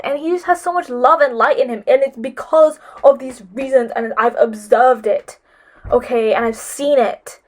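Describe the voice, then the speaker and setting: Gushing, rambling teenage girl vlogger. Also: high voice. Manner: gushing, rambling with many fillers; emotional, close to tears. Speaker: vlogger giving advice. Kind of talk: casual advice vlog.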